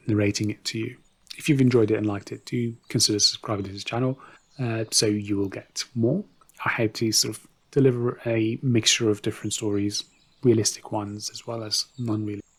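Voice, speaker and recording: A man's voice: fairly low pitch, husky. A man narrating a story in a casual, conversational way, with asides to the listener.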